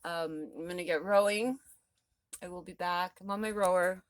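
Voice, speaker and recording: A woman's voice: fairly low pitch, fairly even intonation, moderate pace, no room sound. A woman chatting casually into her phone at home in a rambling morning vlog, laughing often. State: out of breath after rowing. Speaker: vlogger. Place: home, indoors. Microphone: phone held in hand.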